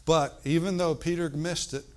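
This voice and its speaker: An older man preaching a sermon, animated and emphatic, moving between loud outbursts and hushed, slow emphasis. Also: fairly high pitch.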